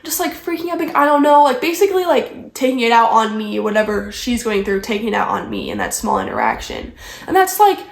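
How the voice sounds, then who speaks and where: High-voiced young woman rambling a story. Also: sing-song, fairly quick, creaky. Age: young adult. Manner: rambling, heavy use of "like". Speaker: vlogger. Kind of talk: casual storytime chat. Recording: echoey room.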